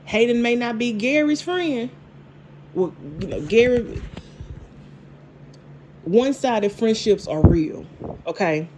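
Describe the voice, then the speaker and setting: A woman, casually recapping a TV drama episode, animated and laughing, with lots of repeats and restarts. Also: fairly high pitch, slow, long pauses, slight background noise. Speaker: TV show reviewer.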